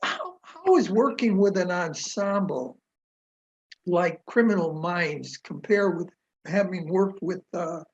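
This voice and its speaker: A man conducts a live interview, asking his questions in a halting manner that stumbles on its starts. The recording is dull and lo-fi. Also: high-pitched, expressive. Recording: dull lo-fi sound.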